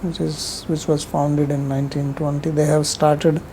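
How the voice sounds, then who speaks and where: A woman's voice: deep voice, little pitch movement, moderate pace, dark tone, slight background noise, poor audio. A woman giving a rambling, conversational scripture lecture, telling stories with frequent asides.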